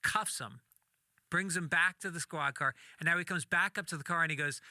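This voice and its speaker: A man, a comedian, telling a story in casual talk, animated and acting out the voices of the people in it, with some swearing. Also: on the high side, a little fast, no room sound, clean studio sound. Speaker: podcast guest, comedian.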